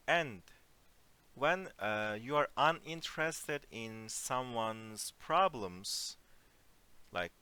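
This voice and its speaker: A man teaching an online Turkish lesson in English, explaining phrases slowly and giving spoken examples. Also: mid-range voice, sharp tone, smooth. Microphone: computer mic on a voice call.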